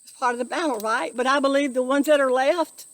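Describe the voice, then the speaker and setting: A woman's voice: sits high, fairly even intonation, fairly quick, no room sound. A woman giving an earnest, emotional spiritual monologue, preaching and repeating herself. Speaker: spiritual vlogger.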